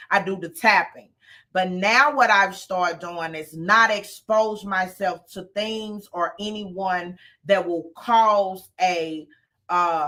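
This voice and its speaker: A woman hosting a casual live chat from home, talking easily with frequent ums and pauses. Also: mid-range voice, bright, forceful tone.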